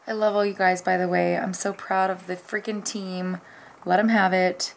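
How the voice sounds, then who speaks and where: A woman's voice: fairly low pitch, flat delivery, moderate pace, creaky, slight background noise. A young woman vlogging at home, chatting casually and rambling from topic to topic. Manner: bubbly, rambling, talks to her dogs in a baby voice. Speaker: fitness vlogger. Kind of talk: casual vlog chat to camera.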